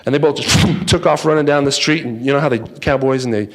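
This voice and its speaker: Brief: a man as speaker telling a joking story, lively and playful. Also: medium pitch, fast talker. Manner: playful, acts out voices, jokes with the audience. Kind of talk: humorous storytelling talk. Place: in front of a live audience.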